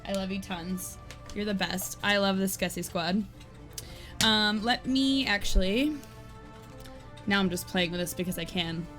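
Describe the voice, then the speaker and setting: A woman's voice: medium pitch, unhurried, pauses often. Chatty, giggly woman streamer. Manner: chatty, rambling, peppered with "like"; giggly, animated storytelling. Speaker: game streamer. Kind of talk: casual live-stream chat. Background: faint game music.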